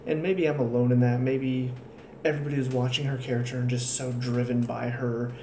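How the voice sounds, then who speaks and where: A man's voice: medium pitch, level tone, fairly quick, background noise. A man giving a casual spoken review of a TV episode, exasperated and sarcastic, sounding tired. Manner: exasperated, ranting, sarcastic asides. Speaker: TV show reviewer. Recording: roomy echo, faint ambience.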